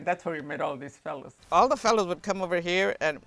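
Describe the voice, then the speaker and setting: An elderly woman recounting memories of her youth in an oral history interview, animated and often laughing. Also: medium pitch, brisk. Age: older. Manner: animated, laughs often while telling stories. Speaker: interviewee recalling her life.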